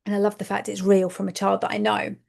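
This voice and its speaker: A woman's voice: medium pitch, monotone, quick pace, vocal fry, darkish tone. A woman, a speech and language therapist giving a webinar presentation to educators, explaining step by step, checking in with her listeners and repeating words for emphasis.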